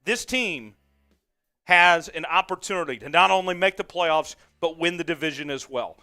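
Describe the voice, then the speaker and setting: A man's voice: fairly high pitch, lively intonation, moderate pace, sharp tone, clean tone, soft background music. A man hosting a live sports watch-along stream, fired up, calling the plays and reading out viewer comments. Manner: amped, hyped, calls plays and reads chat. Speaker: host.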